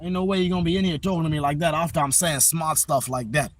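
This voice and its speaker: A man's voice: fairly high pitch, fast talker, dry recording. A man livestreaming outdoors from a phone on a tripod, chatting casually and playfully trash-talking his viewers. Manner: boastful, playful trash-talk at the chat. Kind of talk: casual live-stream chat.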